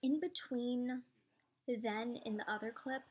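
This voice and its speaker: A woman's voice: on the high side, takes it slowly, husky. A teenage girl vlogging casually, chatty and flustered, with lots of fillers and sudden panicked outbursts. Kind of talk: casual vlog with a baby simulator.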